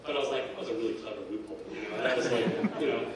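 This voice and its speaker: Halting man talking in an echoey hall. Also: medium pitch, crowd noise. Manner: halting, full of "like" and "you know", restarts. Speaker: game developer on a panel. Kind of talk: casual panel talk. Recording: echoey hall, voice from far off, faint ambience.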